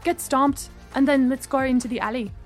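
A woman's voice: high-pitched, normal speed, soft background music. A woman voicing an outgoing, drunk young man. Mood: eager. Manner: boisterous.

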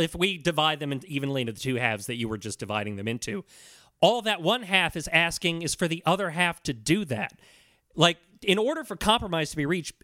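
Male co-host, earnest debater, slightly high bright voice. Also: dry recording. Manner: earnest, argumentative, swears casually. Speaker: podcast co-host. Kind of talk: casual chat.

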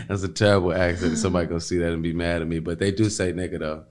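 A man's voice: sits low, level tone, rapid-fire, darkish tone. A man talking in a loose, rambling casual chat, full of fillers and repeats. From Chicago.

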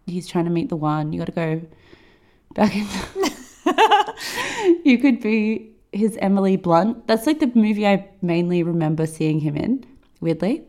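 A woman's voice: mid-range voice, very animated, measured pace, long pauses, a little mellow. A woman in her late twenties co-hosting a podcast, teasing her friend in a playful, rambling way. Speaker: podcast co-host. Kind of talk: casual chat.

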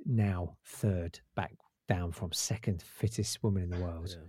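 A man's voice: low voice, steady tone, measured pace, darkish tone, husky, no room sound, clean studio sound. A man who tells a comic story in casual chat and acts out the voices.

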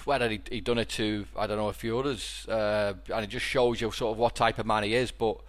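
This Liverpool podcast host, Scouse accent and all, has a lowish voice, fairly even intonation, and a brisk pace. He tells casual stories in a rambling way, restarting often and repeating words.

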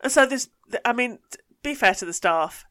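A young woman hosting a podcast, telling an animated story in casual chat, swearing freely and laughing as she goes. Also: on the high side, normal speed, no echo. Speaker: podcast host.

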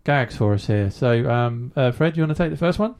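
A man hosting a casual podcast chat with children, asking gentle questions with many ums and uhs. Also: medium pitch, lively intonation, brisk. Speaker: host.

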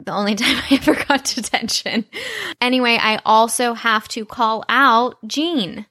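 A woman's voice: a little high, fairly even intonation, a little slow, sharp tone. Southern lady podcast cohost, chatty, laughs a lot, just hanging out talking. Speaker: podcast co-host. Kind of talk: casual chat.

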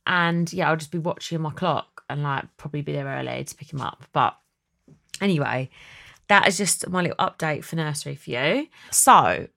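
A woman's voice: creaky, pushed and bright. A young woman hosting a podcast, chatty and dramatic in a casual chat. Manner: chatty and dramatic, quick swings in pitch. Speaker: podcast host.

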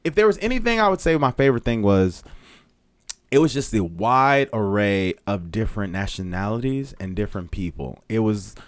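A man with a Jamaican accent, a podcast guest chatting in a jokey, animated way. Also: fairly low pitch, moderate pace, no room sound. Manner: animated, jokey, full of impressions. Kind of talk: casual chat.

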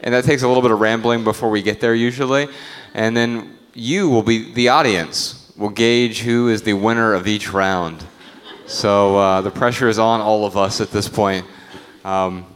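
A man's voice: on the low side, moderate pace. Upbeat man hosting a live podcast. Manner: upbeat, announcer-like segment hosting. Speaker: podcast co-host.

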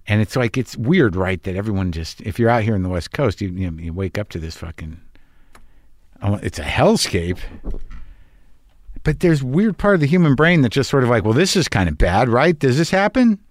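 A man's voice: fairly low pitch, lively intonation, normal speed, no echo. Profane rambling man, dry close sound. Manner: profane, wry, anxious rambling. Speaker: podcast host. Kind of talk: rambling casual monologue. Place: lives on the West Coast.

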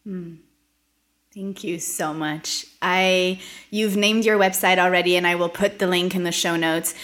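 A woman hosting a podcast who speaks softly and murmurs quiet agreement while her guest talks. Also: lowish voice, steady tone, measured pace. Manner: soft, gives quiet murmured backchannel. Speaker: podcast host. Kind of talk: conversational interview.

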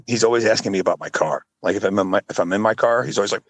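Lively fast-talking man, dry close sound. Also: no room sound. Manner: animated storyteller, acts out others in high voices. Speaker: podcast co-host. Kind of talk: casual chat.

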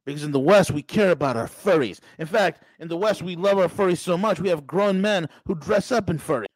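A man's voice: sits high, a little fast, no room sound, poor audio. A man with a slightly raised voice hosts a podcast and rants through his political commentary. He sounds sarcastic and mocking, leaning hard on his emphatic lines. The recording is dry and close to the mic. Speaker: podcast host.

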